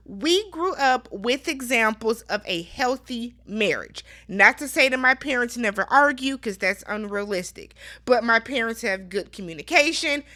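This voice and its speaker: Young woman ranting through a tv recap, sassy and lively, bright voice sitting a bit high. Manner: sassy, animated commentary with exclamations. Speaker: recap show host. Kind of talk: casual chat recapping a TV show.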